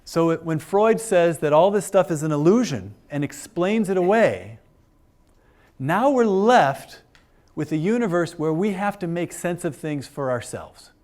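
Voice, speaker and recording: A man's voice: sits high, darkish tone. A man giving an informal philosophy lecture to a class of older adults, chatty and joking with frequent fillers. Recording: lecture room.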